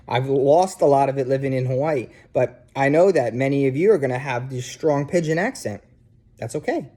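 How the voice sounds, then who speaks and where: A man's voice: medium pitch, warm tone, slightly rough. A man from New Jersey with a New Jersey accent, giving a casual recorded lecture to students from his couch at home, often checking in with "okay?" and filler "um"s. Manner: conversational, checks in with frequent "okay?" and "um". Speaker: instructor. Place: living room at home, sitting on a couch.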